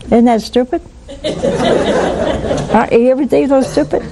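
A woman's voice: high voice, slow, heavy background noise. An older woman giving spoken religious teaching on a call-in show, acting out little dialogues as she talks. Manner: lively, acts out little dialogues. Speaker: nun hosting a call-in show.

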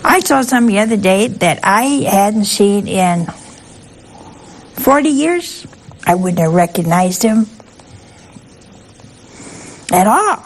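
A woman's voice: medium pitch, lively intonation, takes it slowly, pauses often, a little hiss or hum, low-quality recording. An older woman, a nun, giving a conversational sermon that is folksy and humorous, often asking her listeners questions. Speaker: nun giving a spiritual talk.

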